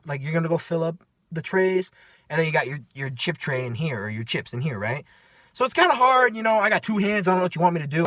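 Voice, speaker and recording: A tired man rambling through a casual, animated story about his work shift, checking in with lots of "right?". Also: sits high, no echo. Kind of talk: casual chat.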